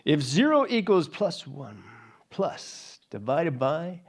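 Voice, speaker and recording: A man voicing a pompous pipe-smoking male scholar in a mock British accent, lecturing slowly and loftily. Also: fairly high pitch, very animated, slightly rough, heavily acted. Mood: mock-lofty.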